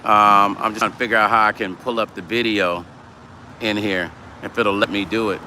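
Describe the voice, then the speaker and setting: A man's voice: lowish voice, fairly even intonation, normal speed, pushed and bright, a little hiss or hum. Blunt, profane man on a live stream. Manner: blunt and profane, reads viewer comments aloud. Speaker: vlogger hosting a livestream. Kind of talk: casual livestream chat.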